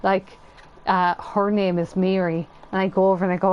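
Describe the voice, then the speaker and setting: A woman's voice: medium pitch, level tone, moderate pace, a little mellow, slight background noise. A woman streamer in casual chat while gaming, telling stories with a lot of swearing and laughter.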